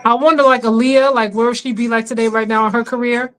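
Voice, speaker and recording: Woman, high voice, slangy livestream chat, quick asides, laughing. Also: flat delivery, low-quality recording. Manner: chatty, slangy, laughs often, fast asides. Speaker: co-host of a livestream watch-along. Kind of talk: casual chat reacting to a livestream.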